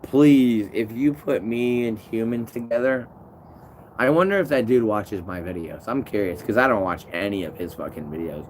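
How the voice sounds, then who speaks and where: A man on a live stream, a tree climber, answers viewer comments in a rambling, profanity-heavy way, often breaking off to begin sentences again. His voice runs on the low side and is expressive, moving at a moderate pace against slight background noise.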